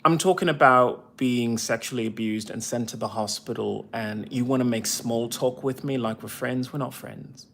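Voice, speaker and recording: A man's voice: mid-range voice, a bit bright. A man talking on a livestream, rambling bitterly and swearing often while answering viewers' comments. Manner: rambling, bitter and profane ranting. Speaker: veteran livestreamer. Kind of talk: casual livestream monologue.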